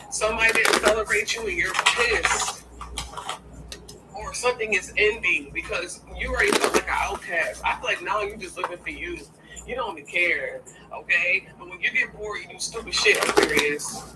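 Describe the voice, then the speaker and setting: A woman giving a casual tarot reading to her viewers, blunt and profane, often asking "okay?". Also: medium pitch. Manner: keeps checking in with "okay?". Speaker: tarot reader. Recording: distant mic with steady background noise.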